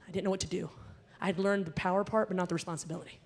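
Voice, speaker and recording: A young woman from the American South is emceeing a gala and telling a stand-up story. She tells it with animated energy, and she gets loud and punchy when she acts out the quoted lines. She speaks into a handheld microphone in a large performing arts hall. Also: fairly low pitch, fast. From Southern United States.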